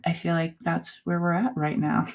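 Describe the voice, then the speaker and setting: A woman in her forties hosting a casual live chat, talking in a halting way with many fillers and soft laughs. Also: lowish voice. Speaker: host.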